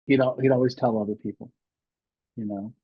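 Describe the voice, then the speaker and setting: Guest, man in his sixties: husky, candid storyteller, dry dull lo-fi sound. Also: mid-range voice, fairly even intonation, a little fast, no echo. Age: 60s. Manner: rambling, many restarts and fillers. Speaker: podcast guest.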